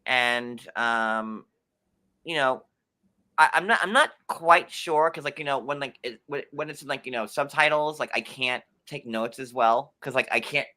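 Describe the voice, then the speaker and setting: A man from New York hosting a casual recap chat, rambling and full of fillers, with sudden jumps in pitch. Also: moderate pace, pushed and bright. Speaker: podcast host.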